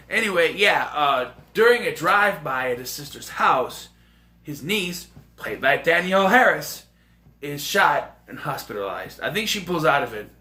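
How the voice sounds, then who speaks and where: A man rambling excitably and jokingly through a casual movie review. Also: on the high side.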